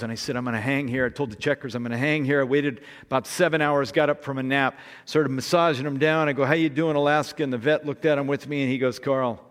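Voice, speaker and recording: Man preaching with long hall reverb. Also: medium pitch. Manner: animated storyteller, acting out voices. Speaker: guest speaker. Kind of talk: sermon storytelling. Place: large church hall.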